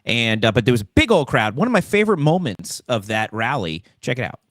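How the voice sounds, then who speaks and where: A male talk show host with a lively, swooping delivery, joking and slipping into mock voices as he banters. The sound is dry and close, with no room echo. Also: medium pitch, brisk. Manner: animated, jokey, mimics voices.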